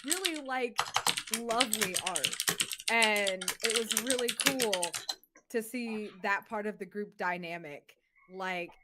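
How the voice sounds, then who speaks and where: A woman player in a tabletop game, gushing and rambling fast with many fillers in a casual post-game chat. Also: mid-range voice, heavy background noise.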